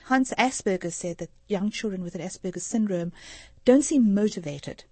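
A woman's voice: mid-range voice, moderate pace, a little mellow, slightly rough, no room sound. A middle-aged woman from Africa, a social worker explaining earnestly as a radio interview guest. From South Africa. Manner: earnest, explanatory, gives anecdotes.

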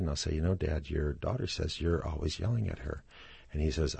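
A middle-aged man, a family doctor and author, explaining things as a guest on a radio interview and acting out quotes in a louder voice. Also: sits low, gravelly, slightly rough, dry recording. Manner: explanatory, acts out quotes with raised voice.

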